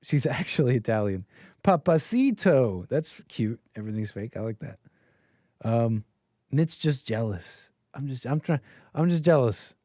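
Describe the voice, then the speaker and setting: A man's voice: medium pitch, normal speed, warm tone, no echo, clean studio sound. A man hosting a live stream, reacting to a video clip in casual, sarcastic and rambling commentary that often repeats itself.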